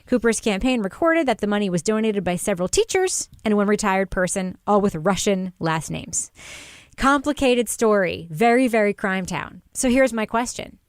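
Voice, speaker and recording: A woman hosting a podcast in casual chat, wry and quick to laugh as she puts questions to her co-hosts. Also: medium pitch, lively intonation, no room sound, studio quality. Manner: wry, laughs often, steers the talk with questions. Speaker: podcast host.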